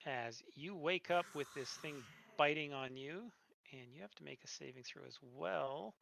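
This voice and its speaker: A man running a tabletop game as game master, narrating monster attacks in a relaxed way with filler words. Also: a little high, normal speed, creaky, slight background noise.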